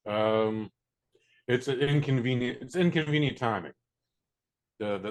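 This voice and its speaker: A man's voice: medium pitch, normal speed, pauses often. A man co-hosting a casual podcast, talking in a laid-back, matter-of-fact way and swearing freely. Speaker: podcast co-host.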